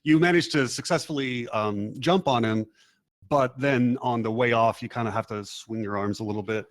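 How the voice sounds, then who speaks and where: Casual game master, mid pitch, dry close mic, swears a lot. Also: male voice, moderate pace, no room sound. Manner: loose, profane, many fillers. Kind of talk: narrating a tabletop game.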